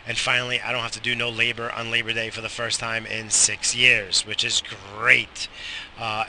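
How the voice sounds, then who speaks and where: A man in his thirties rambles to himself in a car, swearing freely and poking fun at himself. His voice is very bright and tense, pitched in the middle. A faint vehicle hum runs behind him. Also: rough recording. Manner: profane, rambling, self-mocking. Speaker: vlogger. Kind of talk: rambling casual monologue.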